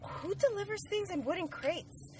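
A woman's voice: very high voice, animated, normal speed, noisy background. A woman in casual chat, blunt and sardonic, grumbling about a movie. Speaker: guest in a movie discussion.

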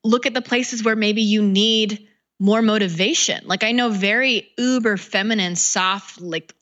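A woman coach talking casually in an interview, animated and full of filler words, acting out quotes in little voices. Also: mid-range voice, unhurried, dull audio. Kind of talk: podcast interview.

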